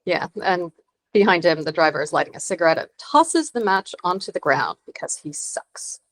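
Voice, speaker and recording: A woman's voice: lowish voice, expressive, fairly quick, a bit bright. A woman co-hosting a podcast in casual chat, adding wry asides and trivia. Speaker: podcast co-host.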